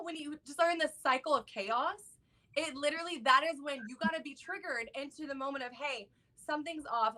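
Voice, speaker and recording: A woman's voice: sits high, sharp tone. A woman guest on a talk show, a life coach, bubbly and gushing, laughing easily.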